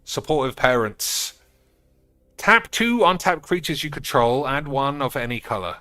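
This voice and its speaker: A man casually commenting on cards while streaming a game, sarcastic and crude, swearing often and breaking into loud outbursts. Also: medium pitch, expressive, measured pace, no room sound.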